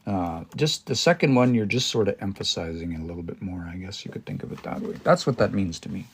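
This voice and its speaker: A man's voice: sits low, lively intonation, quick pace, slight background noise. A man teaching a language on a livestream, thinking aloud and explaining word by word, with many restarts and hesitations.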